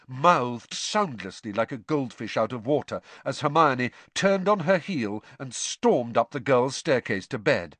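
A man reading a novel aloud in measured storytelling narration. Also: medium pitch, animated, fairly bright tone, dry recording. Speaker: audiobook narrator. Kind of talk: scripted narration.

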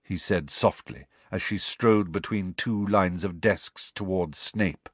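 A man narrating an audiobook in a measured, expressive storytelling manner. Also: sits low, dry recording.

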